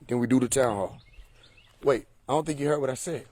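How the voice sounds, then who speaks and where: A man's voice: medium pitch, brisk, a little mellow. A man hosting a casual livestream monologue, emphatic and preachy, firing off rhetorical questions and laughing often, recorded on a phone. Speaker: livestream host.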